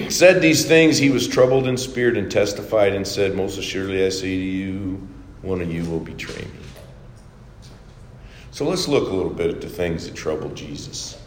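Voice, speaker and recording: A man preaching a sermon, dropping to a hush for scripture quotes and rising loud for emphatic asides. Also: low-pitched. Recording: echoey hall with faint ambience.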